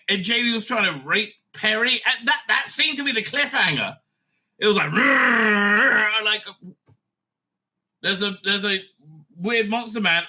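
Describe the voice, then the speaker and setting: A middle-aged man hosting a casual TV review, excitable and blunt, swearing freely, laughing often and trailing off mid-thought. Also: sits high. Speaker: show host reviewing TV episodes. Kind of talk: casual rambling review monologue.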